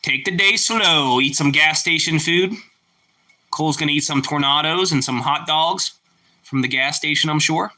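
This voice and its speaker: A young man hosting a casual live chat with viewers, relaxed and chatty, breaking into loud whoops of delight. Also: on the high side, normal speed. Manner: relaxed, chatty, exclaims "woo" over food. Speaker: livestream host.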